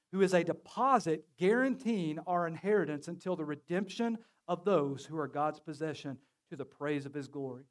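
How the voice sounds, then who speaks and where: A man preaching a sermon as pastor, joking and calling on his congregation to answer back. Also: a little high. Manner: lively, joking, calls on the congregation to respond. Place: church sanctuary.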